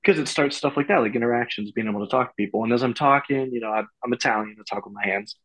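A man from Pittsburgh spins a story on a casual podcast with a husky, slightly rough voice at a middling pitch. He talks in animated bursts and laughs often along the way. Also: very fast, rough recording. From Pittsburgh, USA. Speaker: guest, in the military.

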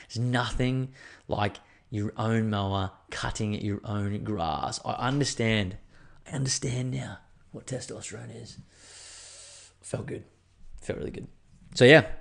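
An Australian man in his thirties, hosting a podcast in a rambling, crude, self-mocking solo chat full of swearing. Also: lowish voice. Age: 30s. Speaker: podcast host.

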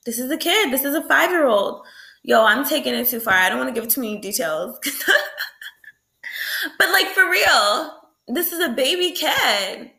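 A woman's voice: high voice, lively intonation, normal speed, vocal fry, sharp tone. A woman ranting in a late-night video, heated and full of profanity, breaking into laughs. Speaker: vlogger. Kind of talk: late-night rant to camera.

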